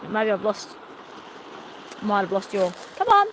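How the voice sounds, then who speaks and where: Middle-aged woman, live-stream vlogger, chatty and meandering, mid-pitched voice, faint noise behind. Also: sing-song, normal speed, fairly bright tone. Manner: chatty and meandering, often addresses viewers as everyone. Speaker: wellness vlogger. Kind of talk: rambling live-stream chat.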